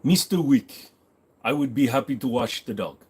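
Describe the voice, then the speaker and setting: A man's voice: medium pitch, normal speed, slightly rough. A man doing a stiff posh concierge. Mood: mock formal.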